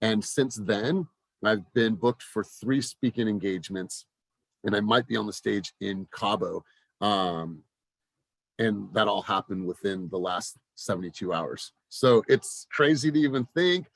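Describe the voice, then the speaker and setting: Energetic male real estate coach in his forties. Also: on the low side, a little slow, gravelly, no echo. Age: 40s. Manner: energetic, repeats words and restarts often. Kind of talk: motivational coaching talk.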